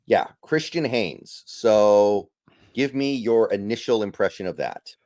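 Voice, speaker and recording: A man's voice: lowish voice, animated, takes it slowly, dark tone, no room sound, studio quality. A man hosting a casual podcast, easygoing and thinking aloud with trailing fillers as he runs through picks. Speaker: podcast host.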